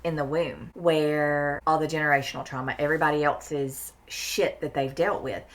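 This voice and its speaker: A woman's voice: low voice, little pitch movement, moderate pace. A woman talking in a casual podcast conversation, blunt and emphatic, swearing freely and repeating words for stress. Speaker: therapist guest.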